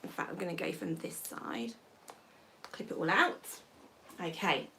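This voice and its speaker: A woman's voice: low voice, lively intonation, a little slow, vocal fry, slight background noise. A woman, hosting a live hair tutorial and chatting with viewers as she works. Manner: chatty, warm asides to viewers while working. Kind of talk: live-stream hairstyling tutorial chat.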